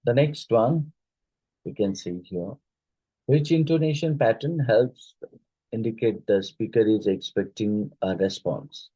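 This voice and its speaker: In this low-quality recording with no echo, a man reviews exam questions, reading them out and then reasoning toward each answer as a teacher would. He speaks a little slowly in a lowish, dark, husky voice.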